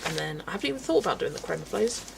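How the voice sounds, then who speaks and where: A woman's voice: fairly low pitch, big pitch swings, rapid-fire, gravelly, background noise. A woman from England's West Country, chatting casually and laughing often as she reads out viewer comments while colouring on a livestream. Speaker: livestream host.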